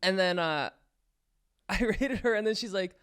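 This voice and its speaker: A young man with a high, smooth, slightly bright voice co-hosts a podcast at an unhurried pace. He chats casually and rambles through stories, acting out the quotes as he goes.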